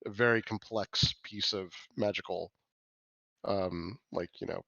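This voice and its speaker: A man's voice: low-pitched, fairly even intonation, measured pace, vocal fry, pushed and bright, dry recording, lo-fi sound. A man running a tabletop game as game master, describing scenes with many restarts and fillers. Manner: rambling, self-correcting descriptions.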